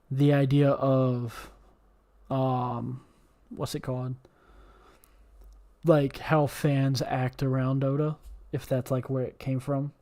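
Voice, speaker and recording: A man's voice: medium pitch, warm tone. A man hosting a casual podcast chat, rambling with lots of fillers and swearing. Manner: rambling, heavy on fillers and profanity. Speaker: podcast host.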